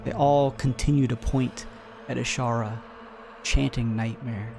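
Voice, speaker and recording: Dm guy narrating dramatic, slow, music going behind. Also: mid-range voice, steady tone, creaky. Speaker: game master. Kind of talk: narrating a tabletop game.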